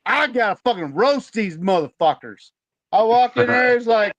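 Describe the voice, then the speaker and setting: A man's voice: very high-pitched, lively intonation, moderate pace, a bit bright, no room sound. Podcast co-host, male, heated storyteller, swears in every line, dry close sound. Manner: heated, swearing constantly, ranting. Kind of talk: profane casual storytelling.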